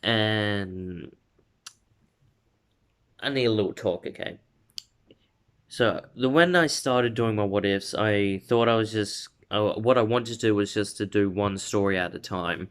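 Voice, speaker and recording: Low-voiced man rambling through a fan story. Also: unhurried, long pauses, smooth. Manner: rambling, full of restarts and fillers. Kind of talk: casual unscripted story narration.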